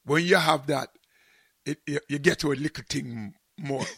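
A man with a Jamaican accent hosting a show in casual chat, telling animated stories and slipping into patois. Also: on the high side, normal speed, creaky, breathy edge, dry recording. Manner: animated storyteller, slips into patois. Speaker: show host.

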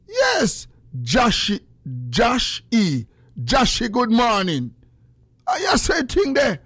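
A man's voice: very high voice, huge pitch swings, takes it slowly, fairly bright tone, husky, dry recording, clean studio sound. A man with a Jamaican accent hosting a casual livestream, greeting viewers by name and teasing them playfully. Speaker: livestream host.

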